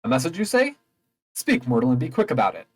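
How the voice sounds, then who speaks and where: A man's voice: mid-range voice, huge pitch swings, fast talker. A man voicing a stern male god of the underworld who speaks in a grand, formal, commanding way, in a game.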